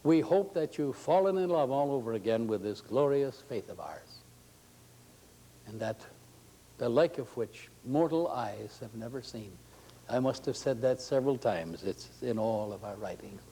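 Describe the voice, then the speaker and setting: Folksy, mellow-voiced male preacher. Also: medium pitch, expressive, moderate pace, rough recording. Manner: folksy, joking, warmly conversational. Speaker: speaker at a faith gathering. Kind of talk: inspirational talk.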